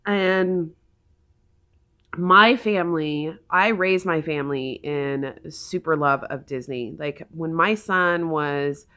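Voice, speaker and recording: A woman's voice: deep voice, slow, pushed and bright, clear, resonant tone. A woman in her forties from Oklahoma, chatting in a casual vlog, gushing and emotional as she rambles on. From Oklahoma, USA. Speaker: vlogger.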